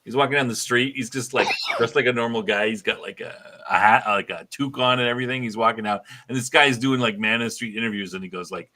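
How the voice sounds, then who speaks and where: A man with a mid-range, bright and somewhat forceful voice. He talks casually, retelling a story in a loose way with plenty of filler words. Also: mid-range voice, fast talker, few pauses. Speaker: podcast co-host. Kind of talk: casual chat.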